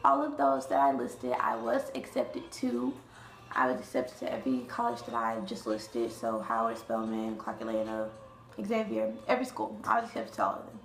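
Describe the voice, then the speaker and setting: A woman's voice: rumbling low, very animated, normal speed, reverberant, rough recording. A young woman from Alabama, a college freshman, talking casually to camera in a chatty, playful way with lots of fillers and asides. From Alabama, US Southern. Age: young adult.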